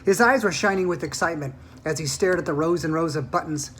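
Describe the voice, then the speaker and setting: A woman reading a children's book aloud in an animated, expressive way. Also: low voice, fast, a little hiss or hum. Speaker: storyteller.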